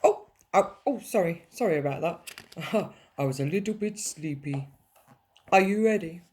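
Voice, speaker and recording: A woman reading a picture book aloud to young children in a playful, animated way, adding sound effects. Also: on the low side, a little slow, a little hiss or hum. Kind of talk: storybook read-aloud for children.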